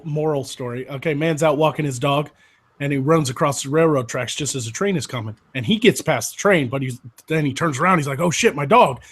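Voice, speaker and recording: A man's voice: on the high side, fairly bright tone. A man on a panel telling jokes in a casual chat, with a matter-of-fact delivery. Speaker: panel guest.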